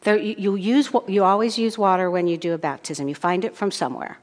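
A woman pastor giving a children's sermon, gently asking the kids questions. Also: mid-range voice, fairly even intonation, fast. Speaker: pastor leading a children's message. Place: church sanctuary. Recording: long church reverb.

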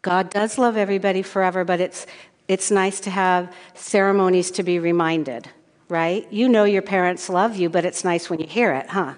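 A woman pastor giving a children's sermon, gently asking the kids questions. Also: lowish voice, fairly even intonation, moderate pace. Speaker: pastor leading a children's message. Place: church sanctuary. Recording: long church reverb.

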